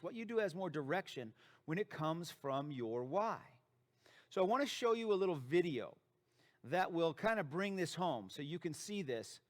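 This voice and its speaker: A man who is a dentist and practice founder giving an emphatic motivational presentation, repeating key phrases for effect. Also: sits high.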